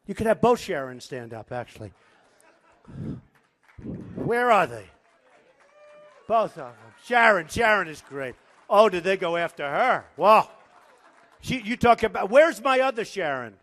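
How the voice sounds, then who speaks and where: Male candidate at a rally; boastful, repetitive, off-the-cuff delivery, lively up-and-down pitch. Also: unhurried, pauses often. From United States. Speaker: political candidate speaking at a rally. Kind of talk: campaign rally speech. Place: large indoor rally venue.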